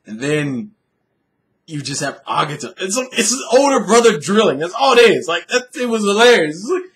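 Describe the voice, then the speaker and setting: A man's voice: sits high, big pitch swings, normal speed, a bit bright. A young man casually recapping an anime episode, rambling, swearing freely and laughing often. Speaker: anime reviewer.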